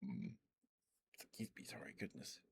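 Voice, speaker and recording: A man streaming low-energy ASMR chat from home into a close microphone, tired and losing his voice, talking softly in a relaxed, rambling way. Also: normal speed, a little hiss or hum. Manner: soft, relaxed, rambling talk. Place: at home, indoors. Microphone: ASMR microphone with cover.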